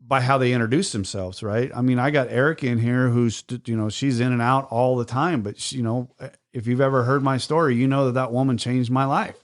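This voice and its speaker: A man's voice: medium pitch, fairly even intonation, a little fast. A man co-hosting a recovery podcast, sharing in an earnest, rambling way and often tagging lines with "right?". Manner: earnest, rambling, tag questions. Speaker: podcast co-host. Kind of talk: casual recovery group chat.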